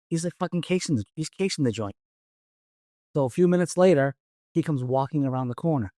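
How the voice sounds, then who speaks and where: A man's voice: a little high, fast talker, darkish tone, dry recording, studio quality. A middle-aged man, a retired police detective telling a case story in an interview, blunt and profane, acting out his own lines.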